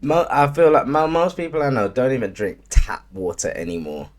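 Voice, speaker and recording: A man in casual chat, reacting to a story in an expressive, slangy way. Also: medium pitch, moderate pace.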